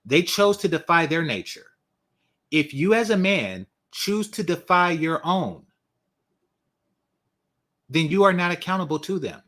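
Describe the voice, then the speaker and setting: A man records reaction commentary in a somewhat high voice. He is blunt and scornful, and he leans on repeated phrases to drive his points home. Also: sharp tone. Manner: blunt, mocking, emphatic repetition. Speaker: online commentator.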